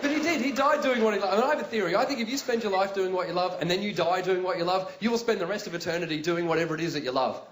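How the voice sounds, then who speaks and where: A man with an Australian accent performing a stand-up comedy routine, telling stories animatedly and bursting into yells. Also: high voice, racing, few pauses, a little hiss or hum. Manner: animated storytelling, acts out voices, big yelling bursts. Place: live venue with audience laughter. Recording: roomy live venue sound with loud ambience.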